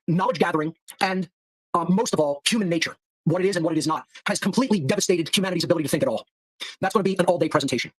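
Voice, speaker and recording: A man's voice: high-pitched, husky, rough recording. A man delivering an angry, scornful monologue rant as a show host, heaping insults and repeating himself for emphasis. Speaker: occult lecturer and show host.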